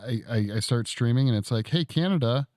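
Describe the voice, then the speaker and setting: A man in his thirties hosting a casual chat stream from his studio while he sculpts, relaxed and quick to chuckle. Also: mid-range voice, dry recording. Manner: laid-back, chuckles often, trails off. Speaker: streamer host. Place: home studio.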